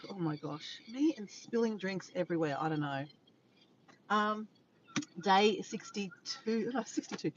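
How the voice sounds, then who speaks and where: A woman's voice: medium pitch, big pitch swings, normal speed. Tired aussie woman rambling on a phone live in her car, greets everyone, voice bounces around a lot, bit muffled. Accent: Australian. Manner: chatty, rambling, greets viewers by name, corrects herself. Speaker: vlogger livestreaming to viewers. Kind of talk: casual chat to a live audience. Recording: dull lo-fi with faint background noise.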